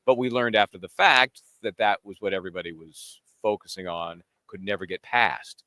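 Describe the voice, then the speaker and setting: A talkative man co-hosting a live trial show, chatting loosely and drifting onto tangents. His voice is on the low side with a bright, forceful edge. The sound is close and dry, with no room around it. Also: normal speed, no echo. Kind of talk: casual chat.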